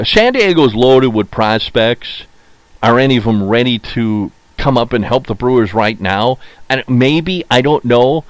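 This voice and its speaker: A man hosting a solo sports podcast, opinionated and chatty, repeating his points and filling pauses with "uh.". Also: medium pitch, no echo. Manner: opinionated, mocks teams in put-on quoted voices; frequent filler "uh" and repeated phrases. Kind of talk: casual solo sports talk.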